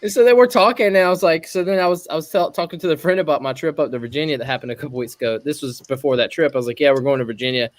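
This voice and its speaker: A man's voice: a little high, very fast, hardly any pauses, dry recording. A man co-hosting a casual podcast, telling stories and acting out the exchanges with lots of laughter. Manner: storytelling, acts out quoted exchanges, laughs often. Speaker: podcast co-host. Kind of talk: casual group podcast chat.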